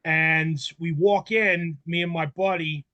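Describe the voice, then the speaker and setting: A man in his forties on a panel, telling stories in a casual, animated way, acting out voices and swearing freely. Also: fairly high pitch, slow, no room sound, muffled recording. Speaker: panel member. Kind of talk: casual storytelling chat.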